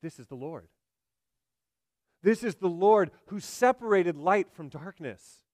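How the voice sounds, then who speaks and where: A man preaching a sermon, swinging from loud emphatic lines to hushed, low delivery. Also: animated, measured pace, no room sound, clean studio sound. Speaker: pastor.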